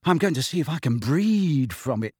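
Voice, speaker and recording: A man's voice: on the high side, very animated, measured pace, breathy edge, no room sound, clean studio sound, voice pushed up, heavily acted. A man reading a story aloud, voicing a clumsy, eager teenage boy wizard who talks breathlessly and earnestly. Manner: breathless, earnest, a little flustered.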